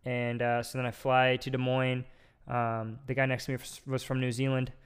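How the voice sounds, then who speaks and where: A young man with a smooth, clear voice tells a long personal story on a casual podcast. He rambles, stacks up filler words and pushes ahead with animated energy. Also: mid-range voice, normal speed. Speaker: podcast host.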